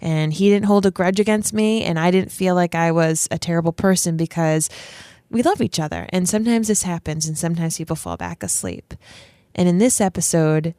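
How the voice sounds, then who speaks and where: A woman's voice: on the low side, a little fast, warm tone, clear, resonant tone, dry recording. Chatty woman telling a story on a podcast. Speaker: podcast co-host. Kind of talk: casual chat and storytelling.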